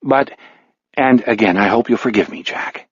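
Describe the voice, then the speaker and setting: A man voicing a blind, dry-witted older man in an audiobook, measured and blunt, with a husky tone. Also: mid-range voice, no room sound, dull audio, close to an everyday voice. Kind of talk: audiobook character voice.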